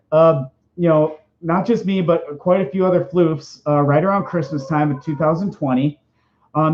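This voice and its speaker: A young man chatting casually as a streamer, rambling and excitable with many restarts. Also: a little high, muffled recording. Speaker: streamer and fandom volunteer. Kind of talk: casual chat.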